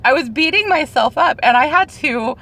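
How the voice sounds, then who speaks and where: A woman's voice: sits high, animated, moderate pace, bright, forceful tone. A woman co-hosting a casual podcast, telling a personal story in a candid, self-deprecating way. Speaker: podcast co-host.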